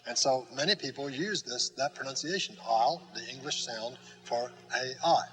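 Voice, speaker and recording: A man teaching a lesson at a slow, patient pace, pausing often with fillers and demonstrating sounds and letter strokes. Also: mid-range voice, sharp tone, faint music behind, poor audio. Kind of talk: classroom lesson.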